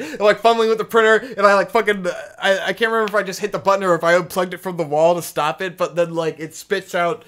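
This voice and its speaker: A man's voice: high voice, fairly even intonation, quick pace, few pauses, fairly bright tone. A young man casually telling a long story on a podcast, rambling and swearing, with a lot of "like" fillers. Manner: rambling, profane, lots of "like" fillers. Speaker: podcast co-host.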